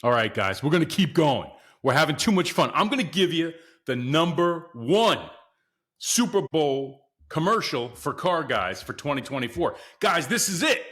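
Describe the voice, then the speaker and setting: A man hosting a podcast, talking in a casual and excitable way and often calling out to his listeners as guys. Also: a little high. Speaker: podcast host. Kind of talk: casual solo commentary.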